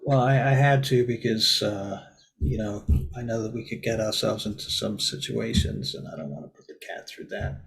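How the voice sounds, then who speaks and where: A man's voice: lowish voice, moderate pace, gravelly, poor audio. A man running a tabletop role-playing game as game master, rambling casually and swearing freely.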